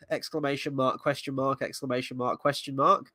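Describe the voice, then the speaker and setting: A man's voice: medium pitch, moderate pace, pushed and bright, dry recording. A man giving a casual spoken review of a series, blunt and sarcastic, swearing freely as he picks apart its writing. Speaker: show reviewer.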